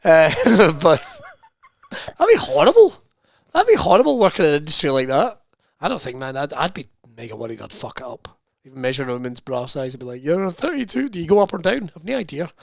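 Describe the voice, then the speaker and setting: A man's voice: fairly high pitch, sing-song, creaky, no room sound. A man co-hosting a podcast, chatting casually with lots of laughs and swearing. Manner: laughing, swearing, quick banter. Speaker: podcast co-host. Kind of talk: casual chat.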